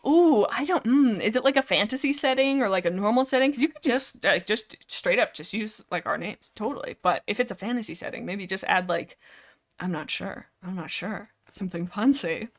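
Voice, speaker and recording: A woman's voice: medium pitch, fairly quick. Rambling young woman livestreaming from Canada. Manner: rambling, animated, giggly, reads chat aloud. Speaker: livestream host. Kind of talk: casual livestream chat.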